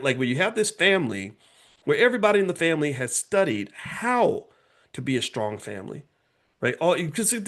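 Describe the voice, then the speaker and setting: A man hosting his own channel, giving motivational economic commentary in an emphatic, repetitive way, often checking in with "right?" and jumping up in pitch to stress a point. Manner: animated, swinging up in pitch for emphasis.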